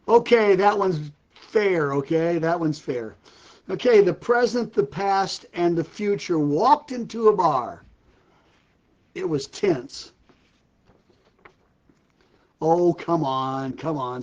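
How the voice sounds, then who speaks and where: A man's voice: on the high side, animated, slow pace, pauses often, darkish tone, highs cut off. An older man hosting a casual live stream for a ministry, telling puns and repeatedly breaking into laughter at his own jokes. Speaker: ministry host. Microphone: live-stream setup.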